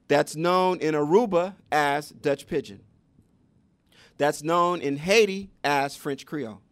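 A man's voice: on the high side, fairly bright tone, clean tone, dry recording. A man giving a public lecture on education, teaching conversationally and asking the audience rhetorical questions. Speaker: education speaker.

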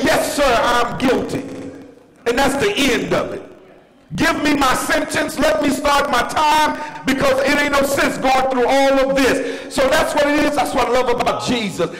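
A middle-aged male pastor preaching a sermon, calling out questions to the congregation and often breaking into shouts. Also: very high voice. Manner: call-and-response preaching, repeated questions, frequent shouting. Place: church sanctuary. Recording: echoey church hall with long reverb.

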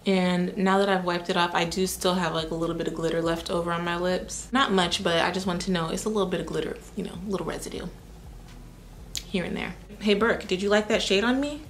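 A young woman beauty vlogger does a casual, chatty makeup try-on review, tossing in sassy asides. Her voice is fairly low with fairly even intonation and a slightly fast pace, and there's slight background noise.

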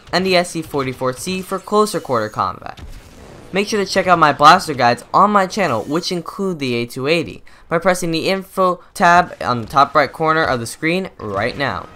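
A young gaming YouTuber with a slightly high, bright, forceful voice reads a scripted gameplay tutorial voice-over into a close microphone. His delivery is methodical and instructive.

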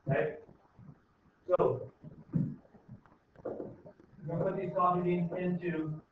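A man teaches a high school math lesson in a loose, informal way, checking in with the class constantly. His voice sits a little high. The sound is tinny and distant, caught from across an echoey classroom. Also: fairly even intonation, takes it slowly, slight background noise. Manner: informal, repeats "okay?" to check understanding. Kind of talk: classroom lecture. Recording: echoey room, tinny far-off mic.

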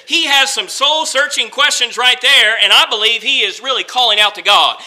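A male pastor delivers a sermon in a high, strikingly bright voice. He repeats phrases for emphasis and slows down for scripture. His delivery swings from quiet and slow to louder and faster. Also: poor audio.

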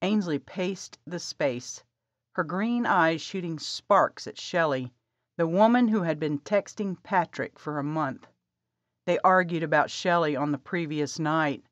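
A woman narrating an audiobook in a calm, measured reading. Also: low voice, no echo. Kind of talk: scripted narration. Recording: dry, slightly dull audio.

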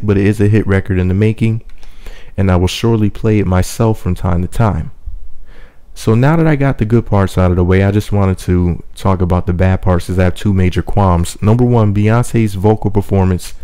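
A man reviewing a song for his channel in a casual, opinionated way, reading lyric quotes slowly and weighing each point. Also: lowish voice, dark tone, smooth. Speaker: music reviewer, channel host.

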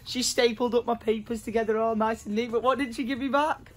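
A man's voice: very high-pitched, steady tone, fairly quick. A young man chatting casually and jokily to camera for his vlog. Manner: chatty and jokey, teasing. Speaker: vlogger. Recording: noisy street and travel background.

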